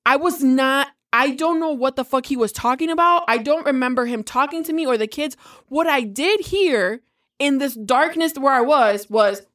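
A woman in her thirties, telling a story in casual chat, animated and swearing freely. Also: sits high, normal speed.

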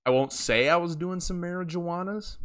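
A man's voice: sits high, normal speed. A young man trading crude jokes with his friends on a casual podcast. He talks loosely and keeps the banter going. He is close to a cheap home mic. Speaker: podcast co-host. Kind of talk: casual chat. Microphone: cheap USB mic.

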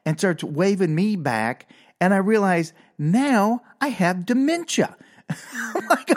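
Animated older man telling a story. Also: high voice, fairly quick. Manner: animated, self-mocking, with exasperated outbursts. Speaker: podcast host. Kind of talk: comic storytelling monologue.

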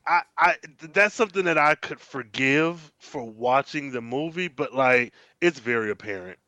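A man's voice: mid-range voice, animated, moderate pace, sharp tone, no echo. A man co-hosting a podcast, talking bluntly in slangy casual chat and laughing between points. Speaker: podcast co-host.

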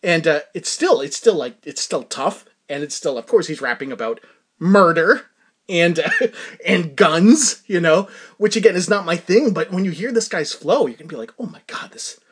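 A man hosting a casual music reaction, excitable and laughing often as he tells stories. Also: fairly high pitch, moderate pace, breathy edge.

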